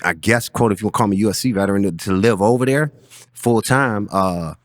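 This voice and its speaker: A man's voice: lowish voice, fairly quick. A man, a fighter and coach, telling rambling, profane stories as a guest on a podcast in a studio. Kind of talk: casual storytelling.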